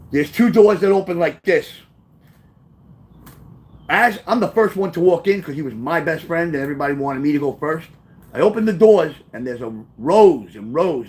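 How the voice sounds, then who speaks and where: Middle-aged New guy streaming, rambling and cursing, slightly high voice, reads his memoir to chat. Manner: rambling, profane, reads chat comments aloud. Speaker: livestream host reading his memoir. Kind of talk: casual livestream storytelling. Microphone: webcam.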